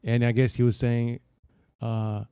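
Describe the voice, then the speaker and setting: A man co-hosting a casual podcast chat, laughing often and breaking into high-pitched bursts of laughter. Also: completely flat delivery, a little slow, dark tone, clean tone, dry recording, clean studio sound. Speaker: podcast co-host.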